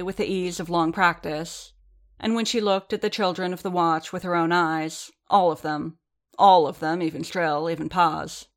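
A woman narrating an action story aloud in an even, measured audiobook reading. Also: lowish voice.

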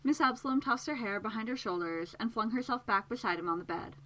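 A woman narrating a novel in an expressive storytelling manner. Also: fairly high pitch, fast talker, poor audio. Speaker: audiobook narrator. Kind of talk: scripted narration.

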